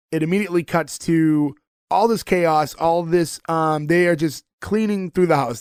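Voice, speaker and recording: A man's voice: on the high side, smooth, no room sound, studio quality. A man hosting a podcast, recapping a sitcom episode in a casual, rambling way with many fillers. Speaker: podcast host.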